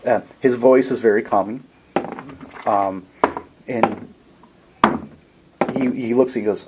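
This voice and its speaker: Male game master, mid-pitched, loose and chatty scene-setting over faint background hiss. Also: takes it slowly, long pauses. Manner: relaxed, rambling descriptions with fillers. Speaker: dungeon master. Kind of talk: narrating a tabletop game.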